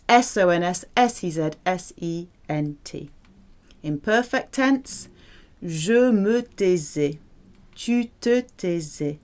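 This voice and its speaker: A woman teaching a French lesson, drilling verb forms slowly and checking in with the learner. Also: medium pitch. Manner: slow, deliberate drilling of verb forms with lively questions to the learner. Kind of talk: language lesson.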